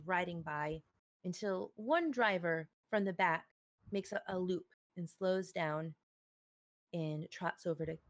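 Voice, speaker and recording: A woman narrating as game master, telling the story in a measured, storytelling manner. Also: on the low side, no room sound.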